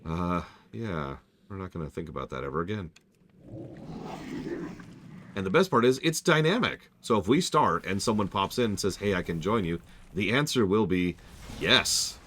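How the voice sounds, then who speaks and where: A man's voice: low-pitched, animated, normal speed, background noise. A man streaming a game, chatting casually and repeating himself while he multitasks. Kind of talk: live game stream commentary.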